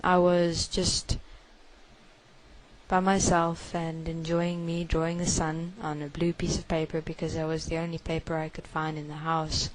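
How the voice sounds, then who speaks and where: A woman giving a first-person spoken confession, halting and hushed, with many repetitions. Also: low voice, completely flat delivery, rough recording.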